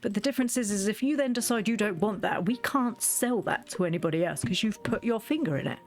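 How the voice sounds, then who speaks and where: A woman's voice: medium pitch, fast, soft background music. Chatty woman telling stories. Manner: chatty storytelling, lively quoted asides. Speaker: gaming video creator. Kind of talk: casual chat while playing.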